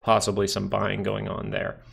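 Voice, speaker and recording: A man's voice: on the low side, monotone, moderate pace, gravelly, a bit bright, husky. A man hosting a live stream, casually talking through stock charts and trade setups as he looks at them. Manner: casual, thinking aloud over charts.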